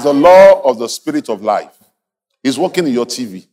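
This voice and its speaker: A man preaching a sermon as a pastor, animated, laughing often and calling on the congregation to repeat after him. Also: medium pitch, moderate pace, slight background noise. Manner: animated preaching with call-and-response and frequent laughter.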